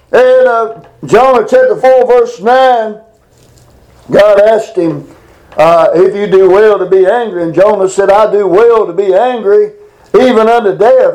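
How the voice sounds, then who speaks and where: A middle-aged man giving a casual Bible lesson, rambling through folksy stories and reading scripture slowly. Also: high voice, darkish tone, low-quality recording. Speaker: Bible teacher.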